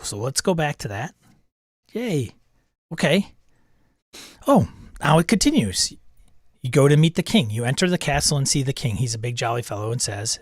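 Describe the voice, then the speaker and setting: A man's voice: mid-range voice, sing-song, moderate pace, long pauses, no room sound, clean studio sound. A man casually commenting as he runs a role-playing game with an AI storyteller, thinking aloud and chuckling at it.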